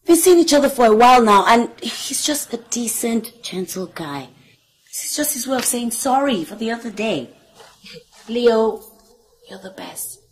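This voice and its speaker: A devoted Nigerian student. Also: female voice, a little high, animated, unhurried, pauses often, low-quality recording. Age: young adult. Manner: earnest, switches to Nigerian Pidgin. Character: devoted young female student in love. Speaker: university student. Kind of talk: Nollywood film acting.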